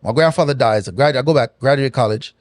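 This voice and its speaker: A man's voice: medium pitch, no room sound. Man with speech. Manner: animated, patois-laced, drawn-out pauses. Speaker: guest. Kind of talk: casual storytelling interview.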